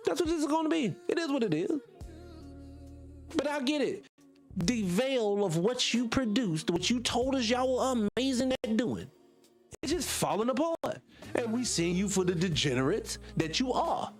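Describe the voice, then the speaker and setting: Soft music plays behind a North Carolina man hosting a casual livestream, who rambles through viewer comments heatedly and emphatically, losing his train of thought. His voice is high, swings widely in pitch and moves at a moderate pace.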